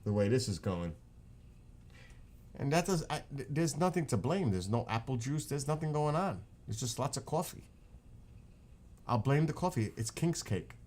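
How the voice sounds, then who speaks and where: A man's voice: mid-range voice, animated, moderate pace, long pauses, a little mellow. A man with a New York accent, chatting casually on his live stream, rambling and joking.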